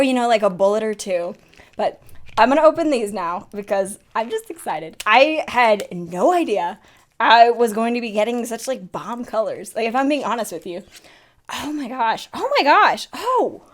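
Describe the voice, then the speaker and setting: A young woman in a casual makeup unboxing vlog, chatty and excitable, often gasping and laughing. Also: fairly high pitch. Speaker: beauty vlogger.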